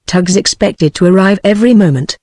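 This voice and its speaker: A woman's text-to-speech voice with a British English accent, reading an audiobook in an even, synthetic manner. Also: medium pitch, brisk, no echo. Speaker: narrator. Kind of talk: audiobook narration.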